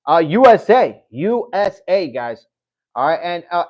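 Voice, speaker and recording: A man's voice: on the high side, expressive, brisk, dry recording, highs cut off. A man hosting a casual MMA livestream, chatting to viewers, reading comments aloud and often breaking into laughter. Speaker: MMA channel host.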